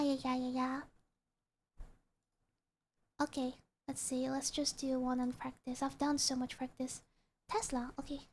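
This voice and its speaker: A young woman with a bright, high-pitched voice chats casually on a live stream. She thinks aloud and drops into quiet muttering as she jots notes. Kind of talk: casual chat.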